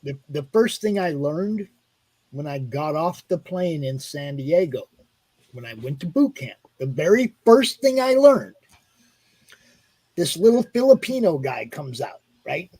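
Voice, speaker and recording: A Navy veteran man telling a boot camp story in casual chat, loud and animated, shouting the quoted lines. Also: on the high side, unhurried, slightly rough, no echo.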